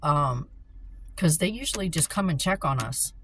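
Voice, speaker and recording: A woman casually telling a story, animated and excitable, with frequent swearing. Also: low-pitched, normal speed, slight background noise, rough recording. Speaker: vlogger.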